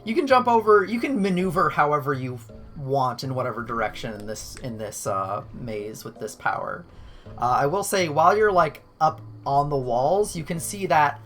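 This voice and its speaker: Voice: medium pitch, expressive, moderate pace, a bit bright, soft background music. A game master narrating a tabletop game in a loose, rambling way, often restarting sentences. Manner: rambling, self-correcting restarts.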